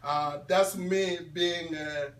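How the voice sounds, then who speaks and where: A man addresses a room of students, speaking slowly in a somewhat high voice and laughing as he quizzes them. He is picked up from across an echoey room. Faint ambient noise sits beneath. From Congo. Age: 20s. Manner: animated, laughing, quizzing the audience. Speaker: guest speaker at a school. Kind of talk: talk to students. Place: classroom or school hall. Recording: echoey room audio from far off.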